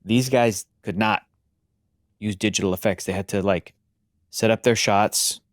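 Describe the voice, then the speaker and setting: A man's voice: lowish voice, fairly even intonation, measured pace, no echo, studio quality. A man co-hosting a movie reaction, chatting casually and joking, with film sound behind. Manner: jokey, puts on mock British voices.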